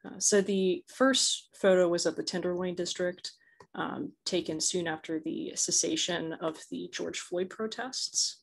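A woman introduces her photographs with halting speech full of fillers. Her voice is low and gravelly. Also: fairly even intonation. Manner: hesitant, with many fillers. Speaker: student presenter.

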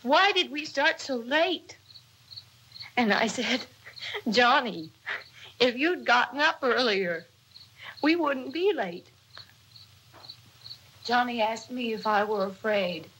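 A woman's voice: a little high, lively intonation, a bit bright, slight background noise, rough recording. Woman playing frightened, faltering Barbara. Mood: dazed. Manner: halting, faltering speech. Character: frightened young woman, dazed and fragile. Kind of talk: dramatic reading.

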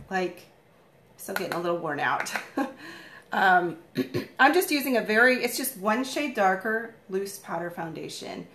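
A woman's voice: mid-range voice, a bit bright, slight background noise. Woman, morning voice, chatty makeup tutorial, rambling, echoey room at home. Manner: chatty, rambling, with frequent fillers. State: morning voice, throat-clearing. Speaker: makeup vlogger, live stream host. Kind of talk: casual live makeup tutorial chat.

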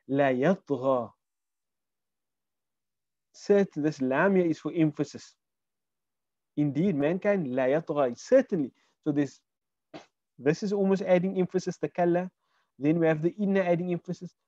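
Man, fairly high voice, mellow tone, Arabic teacher, online lesson, dull call audio. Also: no room sound. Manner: explains word by word, asks students questions. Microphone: video call.

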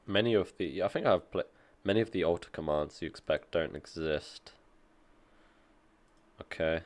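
A man with a low voice reads a technical article aloud and reacts as he goes. His remarks are casual and dry, mixing quick asides with plain reading. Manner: reads aloud and comments offhandedly, dry jokes. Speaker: tech streamer reacting to an article.

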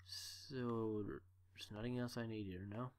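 A man's voice: lowish voice, steady tone, takes it slowly, darkish tone. A man giving joking, rambling commentary while playing a horror game, talking to himself. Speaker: let's play gamer. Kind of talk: gameplay commentary.

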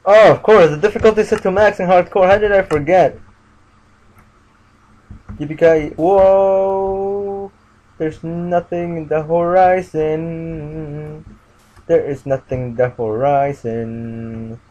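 A man's voice: high voice, normal speed, a little mellow. A man giving casual gameplay commentary, muttering to himself and chanting sing-song refrains. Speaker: gamer. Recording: dull lo-fi mic with light noise.

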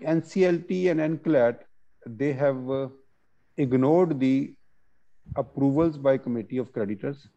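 A man presenting a webinar on court judgments, reading case text and explaining it with many pauses and fillers over a video call. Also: medium pitch, vocal fry, mellow, dull audio.

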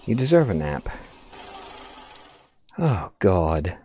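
A man giving let's play commentary, excitable, swearing often and talking back to the game. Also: deep voice, slow, slight background noise. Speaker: gaming video host.

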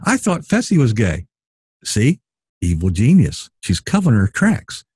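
Animated man with a husky voice. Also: medium pitch, unhurried. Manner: animated, acts out houseguests' lines. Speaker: show host. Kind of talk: casual commentary chat.

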